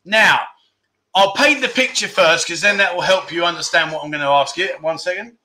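A man hosting a casual livestream chat, reading out viewer comments and teasing them in a playful, excitable way. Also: high-pitched, fairly quick. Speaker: livestream host. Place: Pattaya, Thailand.

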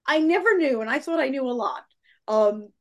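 A woman host with a high-pitched voice talks with a guest. She is effusive and enthusiastic, and she heaps praise in an easy, chatty way. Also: animated, moderate pace. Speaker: podcast host. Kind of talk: conversational interview.

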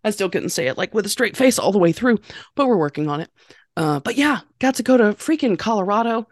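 A woman's voice: mid-range voice, lively intonation, fast talker, no echo, clean studio sound. A woman, telling stories in a casual chat with a self-deprecating, laughing manner. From North Carolina. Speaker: podcast guest. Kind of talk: casual conversational storytelling.

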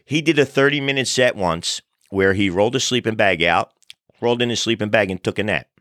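A man hosting a podcast, telling funny stories in a relaxed, animated way. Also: lowish voice, fairly quick, dry recording, clean studio sound. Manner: animated storyteller, acts out crowd voices. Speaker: podcast host. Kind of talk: casual storytelling chat.

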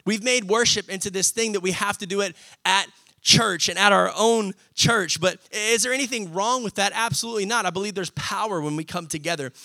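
High, bright-voiced preacher. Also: male voice, brisk, no echo. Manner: energetic, conversational preaching with call-outs to the congregation. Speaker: pastor. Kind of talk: sermon.

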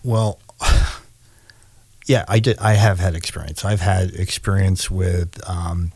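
An older man answers interview questions in a slow, measured way, often stopping to think mid-sentence. His voice is deep and sits close and dry on the mic. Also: fairly even intonation, a little mellow, breathy edge, dry recording. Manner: measured, halting, many uh and um. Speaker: former sheriff, guest.

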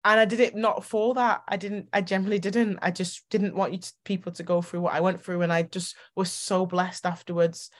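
Animated woman podcast host, lowish voice. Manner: animated, emotional storytelling with quick bursts. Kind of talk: casual interview chat.

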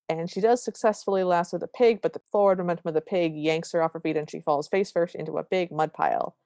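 A woman co-hosting a podcast, recapping a movie in wry, quick, casual chat. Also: lowish voice, a little mellow, smooth, dry recording, clean studio sound. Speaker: podcast co-host.

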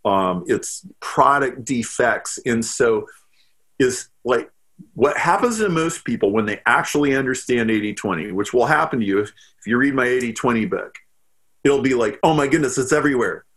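A man guesting on a podcast, talking in an animated, storytelling way with lots of "like" fillers. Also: mid-range voice. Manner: storytelling, quick bursts with frequent "like" fillers. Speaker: podcast guest, business strategist. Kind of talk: animated interview talk.

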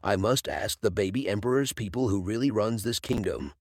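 A man voicing an arrogant, scheming young prince with a husky, sneering delivery in a fantasy story reading. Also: fairly low pitch, animated, fairly quick, darkish tone, no room sound, clean studio sound. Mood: mocking. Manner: sneering, mocking.

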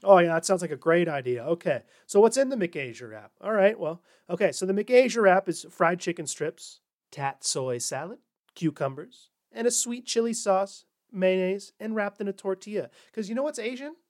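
A man's voice: high-pitched, animated, normal speed. A man hosting a comedy podcast, delivering a sarcastic monologue and slipping into mocking corporate voices. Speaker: podcast host.

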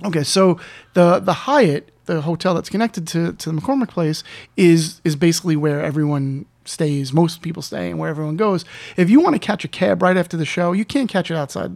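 A man telling a story in casual chat, animated, acting out the lines of the people he quotes. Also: on the high side, brisk, gravelly. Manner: animated anecdote, acts out quotes. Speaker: guest storyteller.

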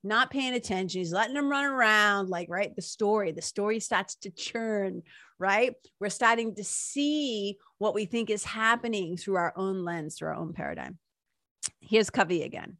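A woman's voice: medium pitch, moderate pace, bright, forceful tone, no echo, studio quality. A woman talking casually, retelling a story from a book, full of "like" and "right?" asides. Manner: chatty, lots of "like" and "right?" tag questions. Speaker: speaker retelling a book passage. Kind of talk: casual talk with read-aloud quotes.

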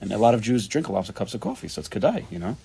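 A man teaching an informal Torah class to a small group, talking in an animated way that repeats phrases and mixes in Hebrew and Yiddish terms. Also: on the low side, racing, gravelly, slightly rough.

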